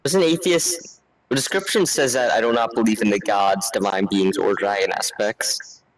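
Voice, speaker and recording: A man's voice: fairly low pitch, moderate pace, rough recording. A man chatting casually as a player in a tabletop game, laid-back and explaining step by step.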